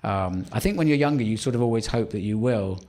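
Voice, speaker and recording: A stand-up comedian in his fifties from England, with a Surrey home counties accent, appears as a guest at a live podcast interview on a theatre stage before an audience. His fairly low, mellow voice is expressive and fairly quick as he tells wry, rambling anecdotes, breaking off and restarting sentences.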